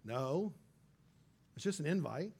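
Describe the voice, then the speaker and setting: A man preaching a conversational sermon as pastor, casual and lively, slipping into little voices for the people he quotes. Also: fairly high pitch, slow, vocal fry, slightly rough. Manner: casual and animated, acts out quoted speakers.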